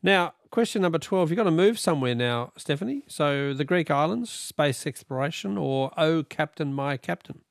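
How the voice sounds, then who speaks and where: An Australian man hosts a radio quiz with upbeat, chatty banter. His voice is a bit gravelly and swings lively up and down, recorded dry and close on a studio mic. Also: fairly high pitch, moderate pace, few pauses, no echo.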